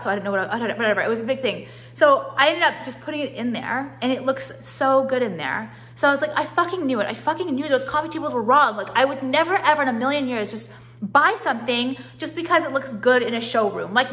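A young woman with a bright, sharp voice pitched a little high chats to her phone camera at home. She swears freely and piles up "like" and restarts. Her talk is loose, opinionated and unscripted. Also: expressive, a little fast. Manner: chatty, profane, full of "like" and restarts. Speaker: vlogger. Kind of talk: casual vlog chat. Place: at home, walking through rooms.

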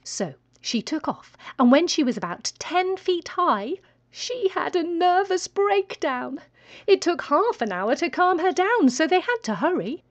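Woman reading a children's story, slow, lively pitch, playful asides. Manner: expressive, playful. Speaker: reader.

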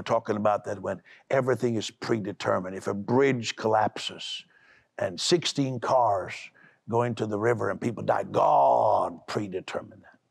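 Brusque, gravelly-voiced man preaching on TV. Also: fairly low pitch, no room sound. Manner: brusque, emphatic, repeats words when building up. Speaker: preacher and TV host. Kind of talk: televised sermon.

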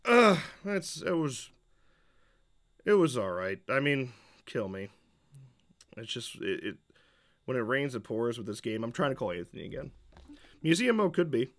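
A man's voice: mid-range voice, sing-song, moderate pace, pauses often. A young man streaming live, giving rambling, opinionated commentary on a game update and stopping often to restart his sentences. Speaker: streamer reacting to a developer Q&A.

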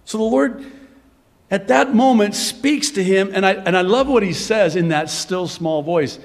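A man preaching a sermon in an animated way, dropping to a whisper for dramatic effect. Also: sits high, a little slow, long reverb tail. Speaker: pastor.

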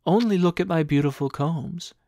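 A man's voice: on the high side, moderate pace, warm tone, no echo, clean studio sound, lightly acted. A man voicing a spiteful wicked queen in disguise in a storybook reading, with a sly, coaxing manner.

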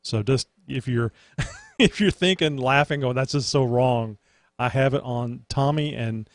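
A man's voice: medium pitch, measured pace, no room sound. Rambling male podcast host, dry sound. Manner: rambling, many "uh" fillers. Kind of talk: casual podcast chat.

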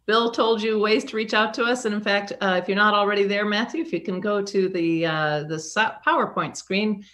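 A woman's voice: medium pitch, a bit bright. Woman host, casual and hesitant, on a video call from home. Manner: hesitant, lots of fillers. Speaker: observatory curator and show host. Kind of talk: casual live-stream hosting.

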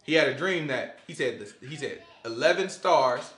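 A man's voice: fairly high pitch, lively intonation, moderate pace, fairly bright tone, echoey room. A man leading an informal Bible study, quizzing his listeners and joking as he teaches.

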